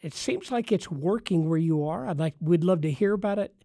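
A man's voice: high-pitched, expressive, brisk, mellow, no echo, clean studio sound. A man hosting a podcast for pastors, talking in an emphatic, preacherly way with punchy repetition. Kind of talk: enthusiastic ministry podcast talk.

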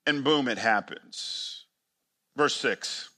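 A man preaching a sermon to church planters, emphatic and full of rhetorical questions. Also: slow. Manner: emphatic, rhetorical questions, big swings in pitch and loudness.

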